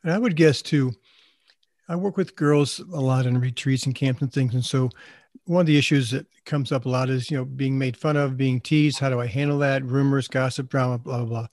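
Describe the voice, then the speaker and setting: A man's voice: medium pitch, fairly even intonation, brisk, darkish tone, no room sound, studio quality. A man hosting an interview, asking earnest, reflective questions. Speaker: host. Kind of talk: interview conversation.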